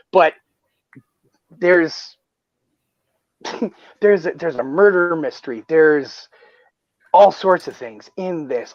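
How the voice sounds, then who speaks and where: A man hosting a casual livestream, who talks with excitement, swears often and restarts his sentences. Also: high voice, no room sound. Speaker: stream host. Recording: dull lo-fi stream audio.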